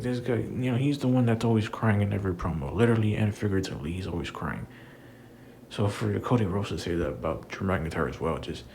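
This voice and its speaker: A man's voice: on the low side, darkish tone, a little hiss or hum, rough recording. A young man ranting casually about wrestling, frustrated and repetitive, with many fillers. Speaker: wrestling commentator. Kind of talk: casual rant to camera.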